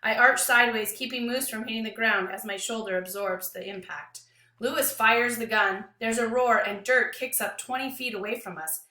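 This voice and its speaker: A woman teacher reading a novel aloud to her class with an expressive, dramatic delivery. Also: fairly high pitch, moderate pace, reverberant.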